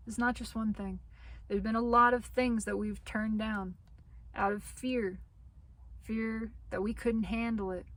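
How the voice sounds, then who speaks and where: A woman giving a spiritual tarot reading to her audience. She talks slowly, repeats her phrases and reassures the listener, and her voice is wearing thin as she loses it. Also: medium pitch, poor audio. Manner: slow, repetitive, reassuring phrasing. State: losing her voice. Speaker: tarot reader.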